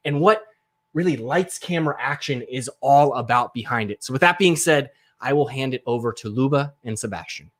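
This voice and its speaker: A man co-hosts a live online event over a video call. His pitch sits at an ordinary middle level, and he brings playful, hyped announcer flair to his introductions. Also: animated, normal speed, fairly bright tone. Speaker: event co-host. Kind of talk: live virtual event hosting.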